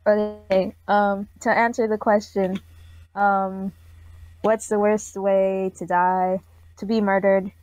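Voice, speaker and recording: A woman's voice: medium pitch, flat delivery, takes it slowly, darkish tone, no echo, rough recording. Woman host, mid-range voice, teasing and jokey, dry close recording. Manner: playful, teasing, laughs often. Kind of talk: casual chat.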